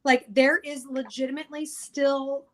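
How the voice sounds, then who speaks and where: Woman co-host, higher voice, casual podcast chat, blunt and profane. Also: little pitch movement, normal speed.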